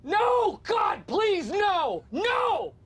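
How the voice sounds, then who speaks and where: A man screaming in mock despair, stretching his voice very high. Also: sing-song, drawn-out words, a bit bright, raised voice, full character voice. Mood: anguished. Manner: anguished screaming.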